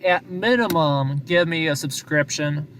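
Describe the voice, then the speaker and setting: A man's voice: on the high side, measured pace, fairly bright tone, a little hiss or hum. Chatty Wisconsin-accented man streaming live. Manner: talkative, rambling, self-deprecating. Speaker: live-streaming news chaser. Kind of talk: casual live-stream chat. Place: parked car at night.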